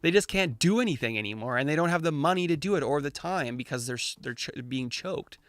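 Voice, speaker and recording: A man's voice: a little high, animated, fast, fairly bright tone, dry recording. A man hosting a casual, opinionated chat, ranting in slang and mocking the voices of the people he quotes. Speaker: crypto channel host.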